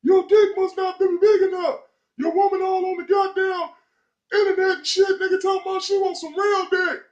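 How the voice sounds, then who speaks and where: A man voicing a rowdy young male heckler who yells crude, jeering taunts in a loud, high-pitched shout. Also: level tone, moderate pace, reverberant, lo-fi sound.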